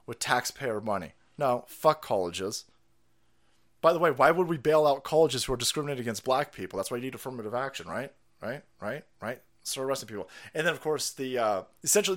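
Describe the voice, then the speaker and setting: Foul-mouthed man ranting on stream. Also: medium pitch. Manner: foul-mouthed, sarcastic, swings from mutters to shouts. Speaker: streamer host. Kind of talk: ranting political commentary.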